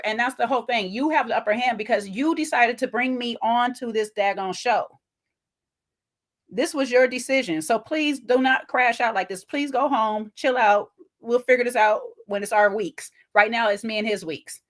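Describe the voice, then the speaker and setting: A woman co-hosting a casual recap show, talking in an animated, sassy way and acting out what people said. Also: a little high, moderate pace. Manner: animated, sassy, acts out quotes. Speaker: podcast co-host. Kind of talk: casual reality-TV recap chat.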